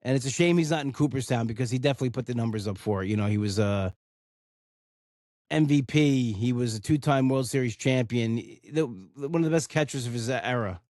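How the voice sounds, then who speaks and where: A man's voice: mid-range voice, fairly quick, darkish tone, no echo. Rambling New man, dry close sound. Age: 40s. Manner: rambling and heartfelt, lots of "you know" fillers. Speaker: podcast host. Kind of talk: casual solo podcast talk.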